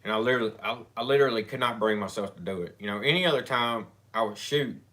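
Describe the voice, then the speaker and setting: A man telling a personal story in casual chat, rambling and halting with frequent restarts. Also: on the low side, sharp tone.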